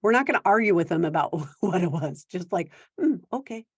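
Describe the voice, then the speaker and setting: A woman giving parenting advice in a conversational talk, now and then acting out quick quoted exchanges between parent and teen. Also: on the low side, breathy edge, no echo. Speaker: parenting coach.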